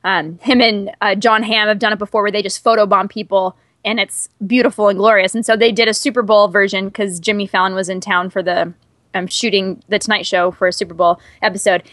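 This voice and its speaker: A woman's voice: mid-range voice, little pitch movement, brisk, fairly bright tone, no room sound, studio quality. A woman co-hosting a podcast, telling stories in casual chat full of fillers. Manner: chatty, storytelling, lots of fillers. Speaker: podcast co-host.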